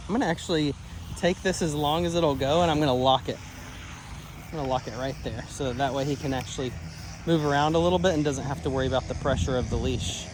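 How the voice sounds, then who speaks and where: Outdoors beside a car, a man who works as a dog trainer gives an upbeat training demonstration, praising the dogs in a high sing-song voice. He talks fast against a noisy background.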